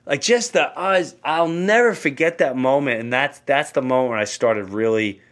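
Podcast host guy telling a story, animated, does the voices. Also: on the high side, moderate pace. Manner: animated, acts out quoted voices. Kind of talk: casual storytelling.

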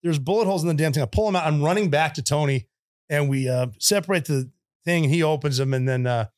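Blunt, profane veteran man, higher voice. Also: quick pace, darkish tone. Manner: acts out voices in anecdotes. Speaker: military veteran guest. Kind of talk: casual war storytelling.

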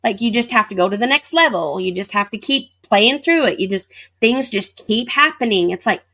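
An interview guest relives a personal experience, acting out the words of those involved in a vivid retelling. She speaks at medium pitch and moderate pace, expressively, with a pushed, bright tone.

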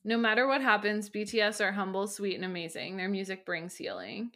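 A young woman co-hosts a podcast in a relaxed, chatty way. She gushes freely and breaks into laughter often, with a voice of ordinary pitch. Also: brisk. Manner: giggly, gushing, laughs often. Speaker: podcast co-host. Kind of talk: casual podcast chat reading listener answers.

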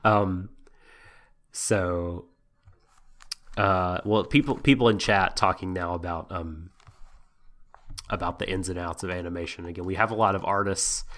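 A man's voice: low voice, steady tone, unhurried, long pauses, a bit bright. A man co-hosting a podcast, casually recapping an anime episode with frequent laughs and many ums. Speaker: podcast co-host.

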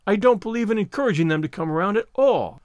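A man voicing a stern older woman guardian in a storybook reading, brisk and scolding. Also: sits high, animated, dry recording, studio quality. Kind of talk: audiobook character reading.

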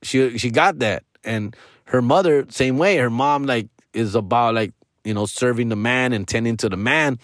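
A man's voice: mid-range voice, normal speed, no echo, clean studio sound. A man, telling stories casually, profane and slangy, dropping Spanish words. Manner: profane, slangy, code-switching into Spanish, animated quoting. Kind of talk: casual storytelling.

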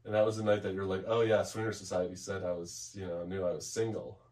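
A man co-hosting a podcast, telling a personal story in a blunt, profane, halting way, with many restarts. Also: sits low, flat delivery, darkish tone, far from the mic. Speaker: podcast co-host. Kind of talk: candid conversational storytelling.

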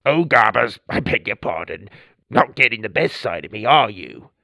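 A man voicing a huge, lazy male mole stuck in a tunnel, talking in a low, muffled, apologetic way. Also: very animated, moderate pace, gravelly, sharp tone, no room sound, exaggerated voice. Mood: sheepish.

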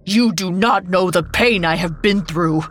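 A woman's voice: on the low side, a little slow, fairly bright tone. A woman voicing a stern, commanding storybook king who demands answers. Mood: stern, furious.

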